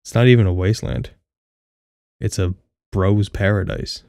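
Low flat-voiced young guy reading his own story, wry and kinda sweary, dry close sound. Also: normal speed, vocal fry, no room sound. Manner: candid, wry, casually profane. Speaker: audiobook narrator. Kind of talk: first-person story reading.

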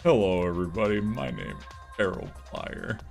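A man streaming a game, swearing often, laughing and reacting loudly to what happens on screen. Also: fairly low pitch, moderate pace, vocal fry, soft background music. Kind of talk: casual gameplay streaming.

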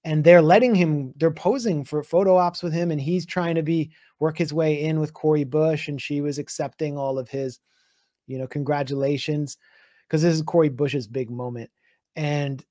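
A man, a guest journalist, telling a heated political story in an animated way with restarts. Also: fairly high pitch, no room sound, clean studio sound. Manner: heated, fast recounting with restarts.

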